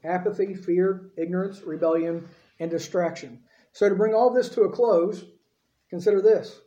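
A man's voice: high voice, fairly even intonation, moderate pace, warm tone. A man preaching a sermon in a conversational way, often checking in with his listeners. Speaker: pastor. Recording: echoey room, dull lo-fi sound.

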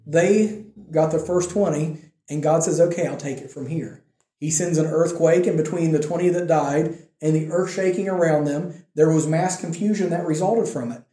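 A male preacher retelling a scripture story in a relaxed, conversational way, his voice pitched a little high but mellow in tone. He bursts into lively quoted lines as he tells it. The room around him is echoey. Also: normal speed. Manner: animated storytelling, acting out the quotes. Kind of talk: conversational sermon.

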